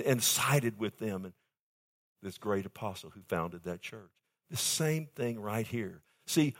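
In a fairly low voice, a man preaches an emphatic sermon that swings between quiet passages and loud outbursts. He asks the congregation to respond.

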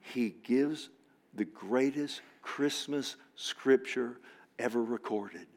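Dramatic male preacher, loud to hushed. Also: mid-range voice, slow. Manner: repeats words and restarts for emphasis. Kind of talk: sermon.

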